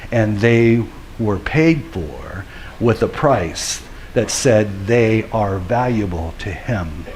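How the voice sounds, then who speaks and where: A middle-aged man, a pastor, giving a sermon in an earnest storytelling way that builds to forceful preaching. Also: fairly low pitch, animated, slow pace, slight background noise.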